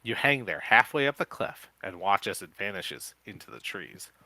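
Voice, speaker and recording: A man co-hosting a podcast, reading a gamebook aloud live in a casual way, with quick joking asides. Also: lowish voice, sing-song, sharp tone, dry recording.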